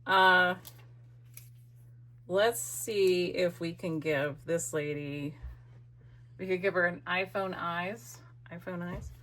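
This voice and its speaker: A woman's voice: fairly low pitch, slow pace, pauses often, a bit bright. A middle-aged woman hosting a craft video, chatting playfully and teasing herself as she works. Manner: chatty, self-mocking, playful. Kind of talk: casual crafting narration.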